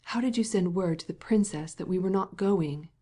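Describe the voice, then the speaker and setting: A woman voicing a sickly, irritable male painter with a hoarse voice, in an audiobook. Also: mid-range voice, normal speed, mellow, lightly acted. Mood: agitated.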